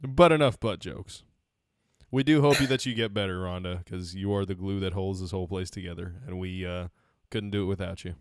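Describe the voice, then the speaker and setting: A man co-hosting a casual writing podcast, joking and teasing the others in relaxed chat. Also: sits low, fairly quick, background noise. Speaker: podcast co-host.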